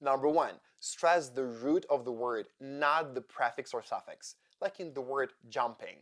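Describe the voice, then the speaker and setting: A man teaching English pronunciation in a scripted lesson, speaking deliberately and spelling out sounds one by one. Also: mid-range voice.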